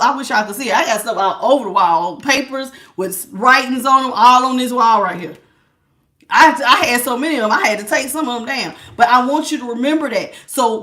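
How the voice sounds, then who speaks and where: A woman's voice: sits high, pushed and bright. A woman giving a live spiritual tarot reading, preachy and emphatic, repeating words for stress. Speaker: tarot reader.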